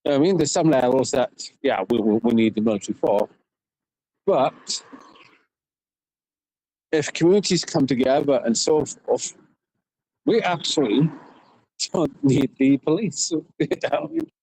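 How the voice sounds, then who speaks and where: A man's voice: medium pitch, lively intonation, moderate pace, long pauses, dark tone, no echo, low-quality recording. Welsh man, walking vlog, rambling and chuckly, dry close sound. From South Wales. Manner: rambling, keeps saying "you know what I mean", laughs often. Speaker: vlogger. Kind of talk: rambling walk-and-talk vlog. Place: outdoors, walking around town.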